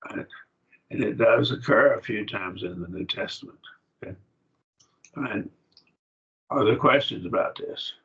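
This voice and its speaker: A man with a low voice teaches a Greek grammar lesson on a video call. He explains slowly and puts questions to his class. The call audio is dull and lo-fi. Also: a bit bright.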